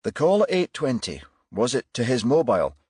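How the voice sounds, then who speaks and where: A brisk, commanding detective inspector briefing his team, as the narrator voices him. His speech rises and falls with lively emphasis over a slightly husky tone. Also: medium pitch, no echo, studio quality, pitched above the performer's own voice. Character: male detective inspector giving orders, brisk.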